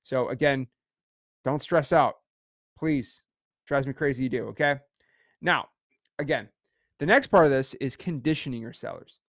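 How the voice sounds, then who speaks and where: A man's voice: mid-range voice, normal speed, long pauses, fairly bright tone, no room sound, clean studio sound. A man teaching an online real estate session in an emphatic, repetitive way, checking in with "okay" again and again.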